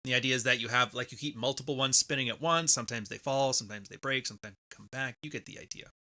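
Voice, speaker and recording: A man's voice: mid-range voice, quick pace, bright, forceful tone. A man hosting a podcast livestream, talking casually and rambling as he reads out viewer messages on a close microphone. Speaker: podcast host.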